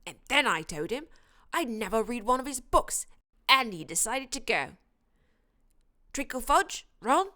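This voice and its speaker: Hagrid, a woman voicing a loud hearty giant. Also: a little high, very animated, a little slow, pauses often, exaggerated voice. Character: huge gruff kindly male gamekeeper.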